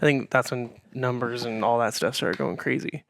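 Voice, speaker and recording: A man's voice: medium pitch, moderate pace, gravelly, a bit bright, dry recording, studio quality. A young man co-hosting a podcast, talking in a casual, rambling way with many fillers and restarts. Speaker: podcast co-host. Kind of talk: casual chat.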